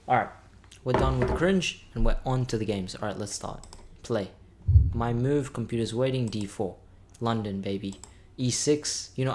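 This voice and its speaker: A man's voice: medium pitch, a little mellow. A chatty man with a middling voice talks to his viewers while he plays chess without sight of the board. He sounds a bit tired and mutters his moves to himself as he thinks. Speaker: chess content creator. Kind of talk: thinking aloud while playing blindfold chess.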